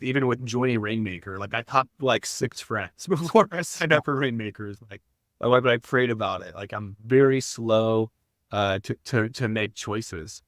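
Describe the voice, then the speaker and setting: A man's voice: medium pitch, moderate pace, fairly bright tone, dry recording, studio quality. A man speaking as a podcast guest in an earnest, self-deprecating way, hesitating and restarting often. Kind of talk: casual podcast interview.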